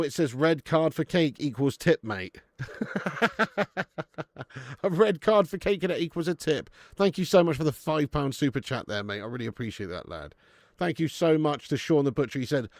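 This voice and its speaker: A man hosting a football watch-along stream, swearing often and bantering with his chat in bursts of excitement. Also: fairly high pitch, dry recording, studio quality. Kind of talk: casual live-stream chat.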